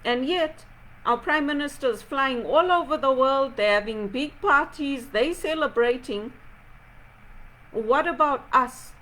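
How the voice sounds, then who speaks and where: Zimbabwe-raised woman, kinda high voice, venting hard with question after question. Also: expressive, a little slow, a bit bright, poor audio. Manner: aggrieved, rhetorical, repeating pointed questions. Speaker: video blogger. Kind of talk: impassioned spoken reflection.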